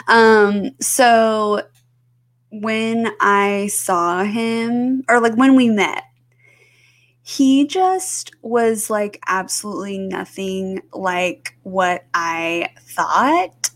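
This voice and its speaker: A woman co-hosting a podcast, chatting casually with many fillers and restarts. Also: medium pitch. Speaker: podcast co-host. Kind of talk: casual chat.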